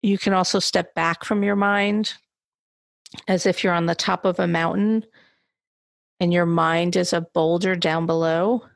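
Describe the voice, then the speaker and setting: A woman's voice: on the low side, fairly even intonation, a little slow, vocal fry, no room sound, studio quality. A woman co-hosting a podcast on therapy skills, chatting casually, laughing easily and joking about herself. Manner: warm, laughing easily, self-deprecating. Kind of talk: casual instructional chat.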